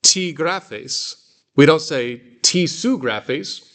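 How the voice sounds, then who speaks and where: A man's voice: fairly high pitch, lively intonation, drawn-out words, a bit bright. A man teaching a Greek reading class, explaining patiently with examples. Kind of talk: classroom lesson.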